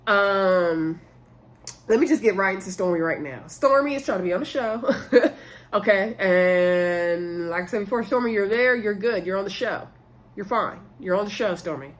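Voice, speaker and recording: A woman hosting a casual reality-show recap vlog, chatty and animated, laughing often and talking straight to her viewers. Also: fairly high pitch. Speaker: YouTube reality-show reviewer.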